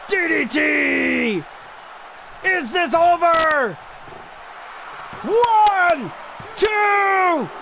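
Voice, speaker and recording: A man giving excited play-by-play commentary on a wrestling video game match, often shouting and exclaiming. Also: very high voice. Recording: noticeable background noise.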